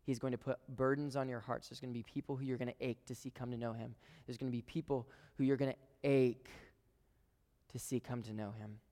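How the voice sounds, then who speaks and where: Preacher with whispers and outbursts, reverberant hall. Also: male voice, mid-range voice, flat delivery, fairly quick. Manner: swings from loud emphatic lines to hushed whispers; addresses the congregation as "guys". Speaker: pastor. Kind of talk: sermon.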